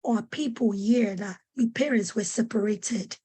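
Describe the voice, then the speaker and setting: Husky-voiced woman urging parents earnestly. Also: on the high side, unhurried, dark tone. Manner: urgent, preacherly, repeats questions for emphasis. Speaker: webinar presenter on parenting. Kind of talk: earnest teaching talk to parents.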